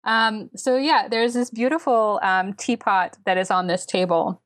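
A woman's voice: medium pitch, steady tone, unhurried, a bit bright. A woman running a tabletop role-playing game, narrating descriptively with many fillers. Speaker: game master.

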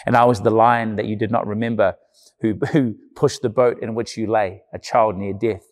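A man voicing a great wise male lion from a storybook, reading him slowly and gravely. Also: lowish voice, close to an everyday voice. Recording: long church-hall reverb.

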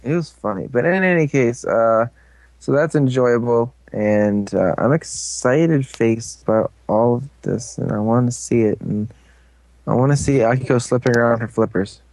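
A man's voice: medium pitch, normal speed, darkish tone, no echo. A young man co-hosting a casual fan podcast, making crude jokes and asides. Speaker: podcast co-host.

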